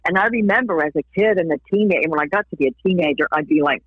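A woman's voice: fairly low pitch, fast talker, hardly any pauses, husky, dry recording. A woman from Florida, a guest on an interview show, telling her faith story with lots of laughs and acted-out quotes. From Florida, USA. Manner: warm storytelling that laughs often and acts out quoted voices. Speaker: interview guest, singer and evangelist. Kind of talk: personal testimony in a casual interview. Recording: tinny phone-line audio, dry.

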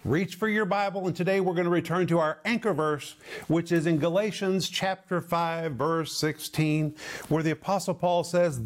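A male Bible teacher with a somewhat high voice. He teaches in an emphatic, deliberate way and slows down to press on the words that matter. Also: fairly even intonation.

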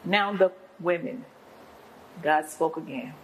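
Older woman, guest pastor; low and gravelly, preacherly storytelling. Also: normal speed, a little hiss or hum, low-quality recording. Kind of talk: testimony in an interview.

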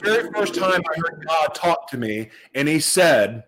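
A man giving a personal testimony speech to an audience, earnest and emotional, repeating phrases for emphasis and dropping to a hush at tender moments. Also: a little high, very animated, unhurried, slight background noise, poor audio. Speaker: motivational speaker sharing his life story.

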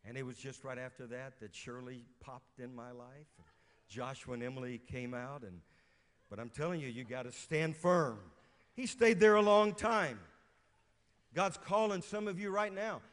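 A man's voice: mid-range voice, normal speed, fairly bright tone. A middle-aged pastor from Louisiana preaching a sermon and quizzing his congregation as he reads scripture. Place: church sanctuary. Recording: reverberant church hall.

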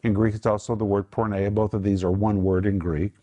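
A man's voice: on the low side, little pitch movement, fairly quick, mellow. A man teaching from the Bible on a Christian talk show, earnest and emphatic, praying aloud for viewers.

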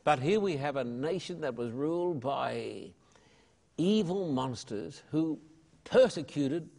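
A man's voice: fairly high pitch, lively intonation, slow pace, creaky, a little mellow. An older Australian man, an evangelist and pastor, answering interview questions in a fervent, preacherly way.

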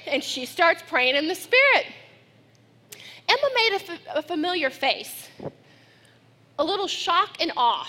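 A middle-aged woman pastor preaching a sermon, telling family stories with lively acted-out quotes. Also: very high-pitched, moderate pace. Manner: storytelling, animated when acting out her daughter.

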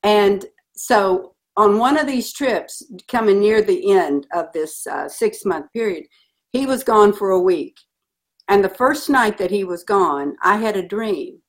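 A middle-aged woman telling a personal story in an interview, earnest and animated. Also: medium pitch, unhurried. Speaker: guest.

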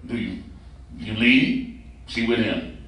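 A man's voice: on the low side, slow pace, a bit bright. A man in a casual group chat, speaking bluntly and repeating his words for emphasis. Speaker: co-host. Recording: echoey room, mic far off.

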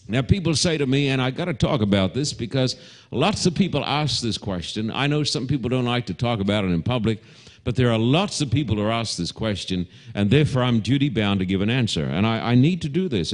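An Australian pastor in middle age preaches to a congregation, his pitch swinging widely from high to low. He delivers the sermon with animation and mixes homely stories and gentle humor into it. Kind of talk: televised sermon to a live congregation.

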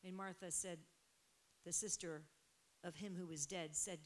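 A woman preaching a sermon with passion, dropping to quiet stretches and then rising to loud, emphatic peaks. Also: fairly low pitch, steady tone, unhurried.

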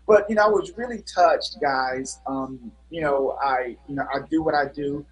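A middle-aged male guest musician tells stories in a casual interview, earnest and full of fillers. His voice is on the high side and moves at a normal speed, captured on a low-quality recording.

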